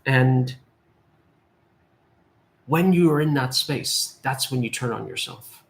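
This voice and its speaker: A man's voice: medium pitch, takes it slowly, vocal fry. A man in his forties, a medium and life guide, giving an earnest spiritual talk to viewers and repeating phrases for emphasis.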